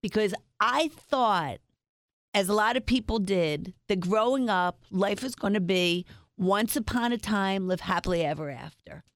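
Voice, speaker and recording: A woman's voice: mid-range voice, a little slow, no echo, studio quality. A middle-aged woman guest telling personal stories in an interview, frank and upbeat, using humor. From Springfield, United States.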